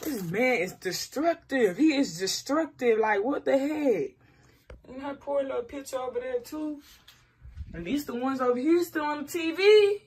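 Young woman, vlogger, high-pitched, excitable, slangy, exclaiming, casual talk to camera. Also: husky. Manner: excitable, exclaiming, slangy, quick to shout in frustration.

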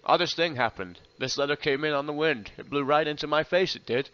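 A man's voice: on the high side, brisk, sharp tone, clear, resonant tone, pitched above the performer's own voice. A man doing a chatty, folksy gate guard. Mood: amazed. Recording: dull lo-fi recording.

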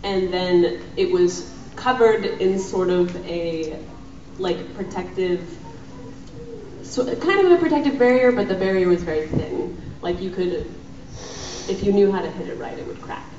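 A woman's voice: lowish voice, unhurried, dark tone. A woman on a convention panel, chatting in a wry, teasing way and giggling easily. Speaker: voice actor and director panelist. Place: hotel convention room. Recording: echoey hotel room from far off, muffled, noisy.

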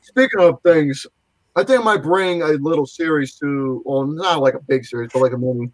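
A man's voice: a little high, normal speed, dry recording, rough recording. A young man hosting a podcast, telling crude, rambling stories in casual chat. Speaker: podcast host.

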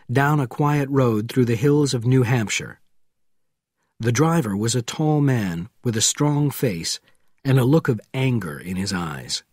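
Slow, husky male audiobook narrator. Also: mid-range voice, no echo, clean studio sound. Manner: measured, deliberate. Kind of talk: scripted narration.

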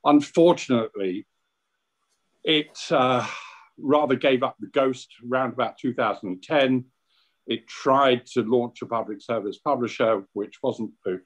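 A British man gives his views in an online book launch discussion. His voice sits at an ordinary pitch, and his points come out firm and opinionated. He breaks them up with frequent fillers and restarts. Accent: British English. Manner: opinionated, hesitant with many fillers. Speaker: essay contributor at book launch.

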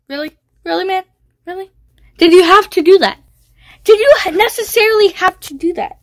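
A woman's voice: very high voice, lively intonation, brisk, a bit bright. A woman giving goofy, teasing gameplay commentary, yelping and squealing when she gets hit. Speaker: gaming video creator.

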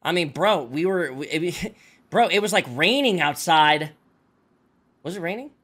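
A man's voice: fairly high pitch, expressive, measured pace, a bit bright, slightly rough. A man streaming a survival game, chatting casually with teammates in profane, exasperated bursts. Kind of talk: casual gaming chat with teammates.

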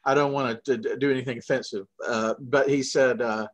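A middle-aged man from Georgia with a Southern accent, telling long, animated anecdotes full of fillers in a casual interview. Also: mid-range voice, brisk. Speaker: guest puppeteer.

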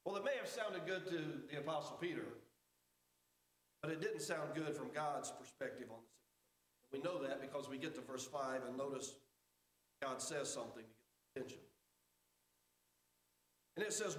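A man preaching a sermon as pastor, emphatic, with rises and drops to a hush. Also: mid-range voice, moderate pace, pauses often. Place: church sanctuary. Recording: echoey church sanctuary.

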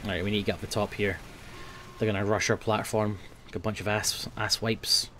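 A young man giving casual gameplay commentary, swearing often and grumbling at his team, quick to flare up. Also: fairly low pitch, level tone, fairly bright tone, a little hiss or hum. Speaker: gaming video host.

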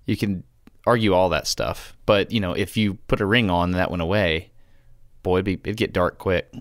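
Earnest male podcast co-host, lowish voice, halting restarts, dry close mic. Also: no room sound. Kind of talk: casual chat.

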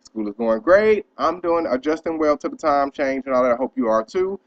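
A young man tells a story straight to camera in a loose, profane, animated rant. His voice sits a little high for a man. The audio is dull and lo-fi. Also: a little fast. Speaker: vlogger. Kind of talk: casual ranting vlog.

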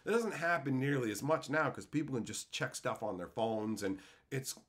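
Animated, profane male streamer. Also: medium pitch, moderate pace. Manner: profane and heated; animated, puts on voices for quotes. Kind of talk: casual storytelling.

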